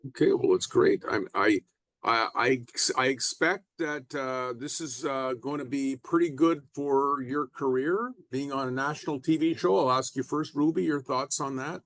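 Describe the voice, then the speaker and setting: A man's voice: mid-range voice, normal speed, fairly bright tone, no echo. A man hosting an interview, asking friendly questions that sometimes stumble. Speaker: podcast host.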